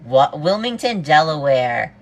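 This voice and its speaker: A woman's voice: low voice, sing-song, measured pace. A woman from the US East Coast on a cooking livestream, bubbly, greeting viewers one after another and saying "oh my God" a lot. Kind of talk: casual livestream chat.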